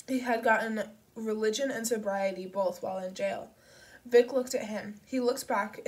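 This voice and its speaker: Brief: woman audiobook reader, steady and measured, mid-pitched, mic at a distance. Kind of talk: audiobook narration.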